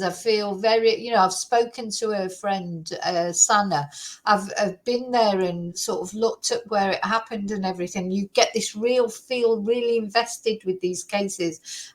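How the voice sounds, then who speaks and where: A woman's voice: medium pitch, fairly even intonation, unhurried, poor audio. Exasperated woman ranting. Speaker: true crime YouTuber. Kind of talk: casual commentary to camera.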